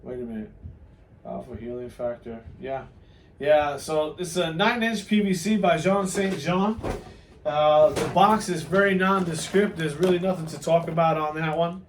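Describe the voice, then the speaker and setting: A man's voice: fairly high pitch, moderate pace, far from the mic, slight background noise. A man hosting a casual toy unboxing, joking and teasing his guest, laughing often. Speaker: toy reviewer host. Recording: roomy, from off-mic.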